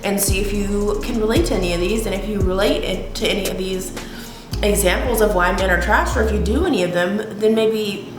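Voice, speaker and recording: Music plays in the background as a YouTube vlogger talks briskly to camera at home in a medium-pitched voice. She's frank, profane, and quick to laugh in this casual chat. The recording has room echo and a faint hiss.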